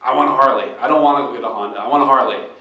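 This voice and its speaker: A man's voice: medium pitch, rapid-fire, sharp tone, dull audio. A man who founded a startup speaks earnestly to a live event audience. He tells a story with many restarts. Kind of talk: live fireside chat. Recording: echoey room.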